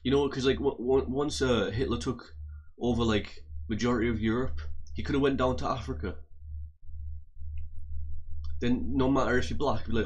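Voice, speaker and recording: A man's voice: mid-range voice, steady tone, moderate pace, breathy edge, poor audio. A young man, ranting casually in a heated way, swearing and repeating himself as he stumbles over his words.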